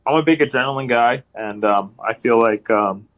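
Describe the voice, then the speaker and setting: On a podcast, a man who plays hockey as an enforcer tells casual stories in a rambling way, full of ums and repeated phrases. He speaks at normal speed in a medium-pitched voice.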